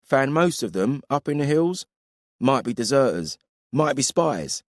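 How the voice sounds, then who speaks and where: A man's voice: mid-range voice, sing-song, measured pace, no room sound, studio quality, pitched above the performer's own voice. Male reader doing a brusque warrior woman for a fantasy audiobook, short-tempered. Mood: curt. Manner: curt and sharp. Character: blunt impatient female warrior rider.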